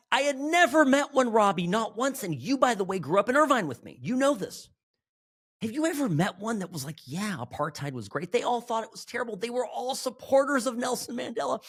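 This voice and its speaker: A Southern Californian man with a high voice hosts a political talk show, delivering an animated, emphatic monologue full of restarts and asides.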